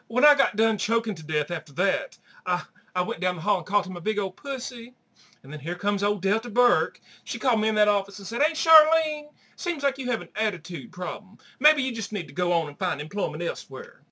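A man's voice: high voice, animated, a little fast, bright, forceful tone, exaggerated voice. A man playing a crude, gossipy middle-aged woman in a comedy sketch. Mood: brash. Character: brassy crude Southern middle-aged woman, Aunt Charlene.

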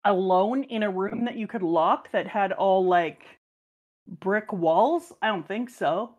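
A middle-aged woman reading a comic aloud to her child and chatting about it with enthusiastic, animated storytelling. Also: medium pitch, slow pace, highs cut off. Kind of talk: casual read-aloud and chat.

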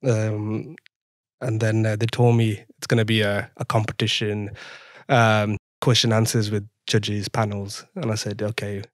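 A man's voice: fairly low pitch, flat delivery, a little slow, no room sound, studio quality. A young man with a French accent, telling his story as a podcast guest, laughing often and acting out conversations. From France. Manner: laughs often, re-enacts dialogue animatedly. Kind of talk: casual storytelling interview.

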